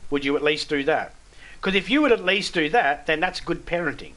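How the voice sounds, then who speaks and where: Blunt Australian man, bright voice. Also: a little high, lively intonation, fairly quick. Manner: blunt, swears freely, stammers on restarts. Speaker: game streamer chatting with viewers. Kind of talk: casual live-stream chat.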